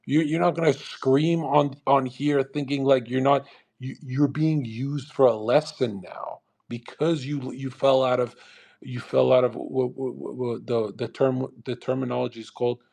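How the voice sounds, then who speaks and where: A man's voice: medium pitch, fairly even intonation, normal speed, vocal fry, darkish tone. Male host, brash motivational lecturer on a live audio chat; profane and repetitive. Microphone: online audio call.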